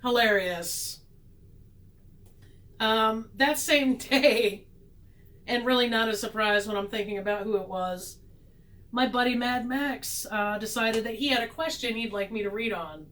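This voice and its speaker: Slow-talking sarcastic woman tarot vlogger. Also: fairly high pitch, a bit bright, rough recording. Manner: sarcastic, self-mocking, laughs often. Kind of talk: casual chat, tarot reading.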